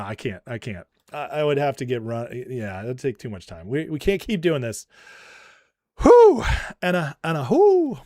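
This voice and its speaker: A man's voice: medium pitch, no room sound, studio quality. A man hosting a casual livestream commentary show, rambling and laughing often. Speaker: host.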